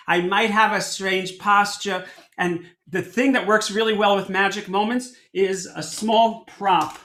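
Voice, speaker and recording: Animated high bright-voiced man teaching. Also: a little slow. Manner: animated, conversational, many restarts. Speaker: cantor teaching a storytelling workshop. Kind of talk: workshop lesson. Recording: echoey room.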